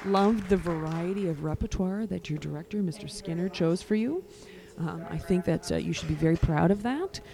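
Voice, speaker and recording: A woman's voice: lowish voice, normal speed, vocal fry. A woman giving live feedback to a concert band, encouraging them and singing phrases to show how they should sound. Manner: encouraging, sings phrases to demonstrate. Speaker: band adjudicator. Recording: loud band music behind voice. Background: concert band playing.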